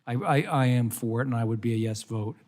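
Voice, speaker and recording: A man's voice: medium pitch, brisk, a little mellow. A man from New Jersey giving brief, emphatic, informal remarks at a committee markup. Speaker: committee member.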